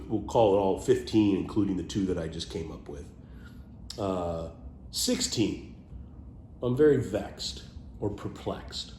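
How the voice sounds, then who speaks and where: A man with a lowish voice talks casually and playfully about words he loves, now and then dropping to a muttered aside. The sound is roomy, with a faint hum behind him. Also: mellow. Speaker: vlogger sharing favorite words. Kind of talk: casual off-the-cuff monologue.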